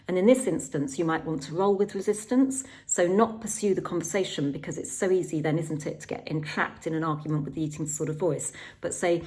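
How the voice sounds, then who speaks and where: A middle-aged woman with a low, soft-set voice talks carers through a training exercise. She is calm and gentle and often pauses on an um or repeats a word before going on. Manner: calm, gentle, with frequent ums and repeated words. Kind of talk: instructional talk.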